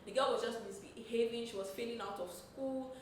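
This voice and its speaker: A woman presenting entertainment news in an animated, chatty gossip style. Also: a little high, fairly quick, a little hiss or hum. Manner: animated, expressive storytelling. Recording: roomy echo, distant from the mic.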